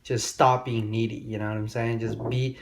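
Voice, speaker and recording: A man's voice: mid-range voice, flat delivery, moderate pace, a little hiss or hum. Rambling young man, casual vlog talk. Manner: rambling, profane, loose grammar. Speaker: vlogger giving dating advice. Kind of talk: casual storytelling monologue.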